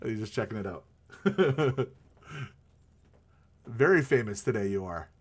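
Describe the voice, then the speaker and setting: A man's voice: fairly low pitch, very animated, measured pace, slightly rough. A man hosting a live stream, chatting casually about hockey in a rambling way with many fillers and restarts.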